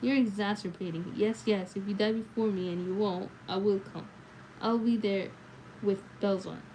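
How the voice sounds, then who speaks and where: A bossy young girl who snaps impatiently yet still reassures her friend, read by a woman. The voice is mid-pitched and plain, with faint noise underneath. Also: steady tone, moderate pace, dark tone, natural voice, poor audio.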